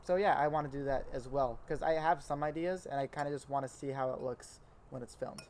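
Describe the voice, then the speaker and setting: A man's voice: mid-range voice, fairly quick, a little mellow, a little hiss or hum. A young man co-hosting a podcast, talking in a laid-back, chatty way and often trailing off. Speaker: podcast co-host. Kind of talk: casual chat.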